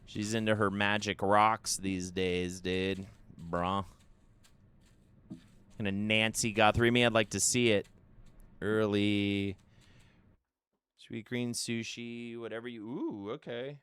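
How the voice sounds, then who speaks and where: Male streamer, unhurried, crisp clear voice, lively self-mocking commentary. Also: on the low side. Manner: animated, self-mocking banter. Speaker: game streamer. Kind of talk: live gameplay commentary.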